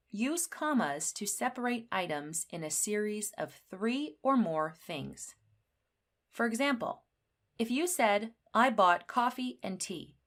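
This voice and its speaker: A woman teaching an English grammar lesson. She explains rules clearly and acts out the example sentences. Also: mid-range voice. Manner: slow, clearly spelled-out teaching.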